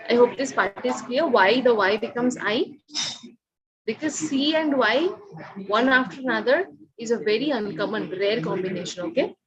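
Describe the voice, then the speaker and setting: A woman teaching a language lesson, her voice a little high. She keeps checking on the students and pressing them to raise their hands, and the noise of a crowd is plain behind her. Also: low-quality recording. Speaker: Spanish teacher. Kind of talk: online class lecture. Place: classroom or online class session.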